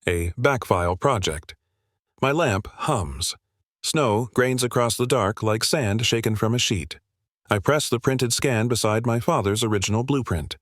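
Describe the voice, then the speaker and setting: A man narrating a scripted first-person story in a steady, wry, literary way. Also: medium pitch, a little slow, no echo, studio quality.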